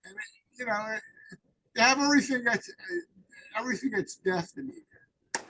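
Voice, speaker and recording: This man's voice is very high and sharp, moving at normal speed on a low-quality recording. Appearing as an interview guest, he rambles through stories of his own recovery and performs the dialogue as he goes.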